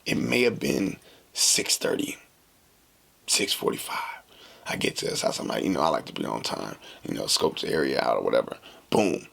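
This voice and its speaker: A man hosting a podcast, telling a casual story in a slangy, animated way and acting out the dialogue. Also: a bass voice, normal speed, vocal fry, breathy edge. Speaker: podcast host.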